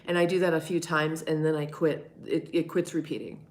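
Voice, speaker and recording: A middle-aged woman hosting a live stream replies to viewers one by one in a notably low, deep voice with little pitch movement, talking a little fast. Candid and rambling, she swears without a second thought.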